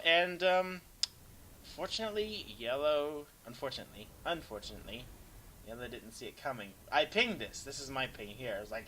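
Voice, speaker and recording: A young man casually commenting over a replay of a strategy game, rambling and self-deprecating, sometimes breaking into excited yelps. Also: mid-range voice, normal speed, slightly rough, low-quality recording. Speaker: gameplay commentator.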